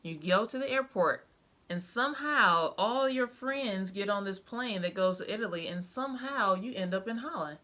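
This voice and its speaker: A woman's voice: medium pitch, expressive, moderate pace, pushed and bright. A young woman talking to the camera about her life as a mother, heartfelt and emotional, with many fillers. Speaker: vlogger, mother. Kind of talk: casual personal storytelling to camera.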